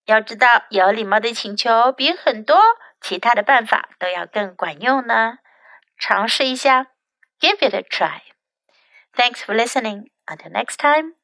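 A woman whose first language is Chinese gives a children's English lesson in a bright, rather high voice. She speaks slowly and carefully, repeating each phrase after translating it, and the sound is close and dry with no room echo. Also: expressive. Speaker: English teacher.

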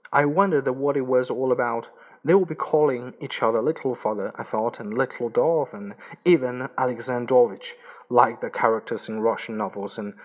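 A man reads a story aloud at a middling pitch. His narration is plain and steady. Now and then he stumbles and restarts a word. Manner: plain reading with small slips and restarts. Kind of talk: audiobook reading.

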